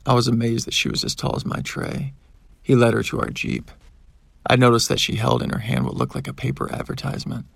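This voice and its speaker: A man with a gravelly, husky voice reads a first-person audiobook. His pitch moves a lot as he acts out each character, and the sound is dry and close to the mic. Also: sing-song, a little fast, no echo. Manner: dramatic, shouting in the characters' outbursts. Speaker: audiobook narrator.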